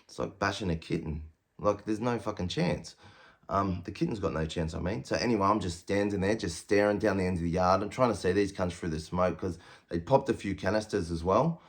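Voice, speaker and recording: Speaking a little fast in a low voice, a thirtysomething Australian man recounts time in prison with heavy swearing and bluntness. It's casual storytelling, with raised-voice impressions of himself and others.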